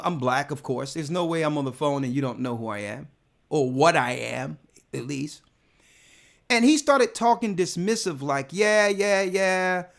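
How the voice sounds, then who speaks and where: A man's voice: a little high, gravelly. A man, a church elder, telling a personal testimony in casual speech, emphatic and often repeating words as he builds his point.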